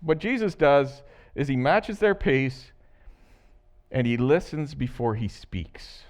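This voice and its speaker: A man preaching a sermon as a pastor, animated and laughing often as he acts out the story. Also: medium pitch, takes it slowly.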